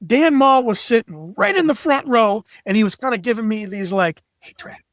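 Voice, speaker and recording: A middle-aged man talking as a podcast guest, telling lively stories with swearing and acted-out quotes. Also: high voice, normal speed, no echo, studio quality. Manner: animated storyteller, profane, acts out quotes. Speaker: podcast guest, graphic designer. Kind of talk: casual chat.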